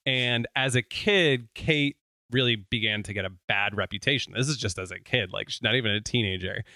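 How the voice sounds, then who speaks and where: A man's voice: on the low side, brisk, pushed and bright, no echo, studio quality. A man co-hosting a podcast, telling a story in a casual, joking chat. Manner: chatty, joking, uses fillers.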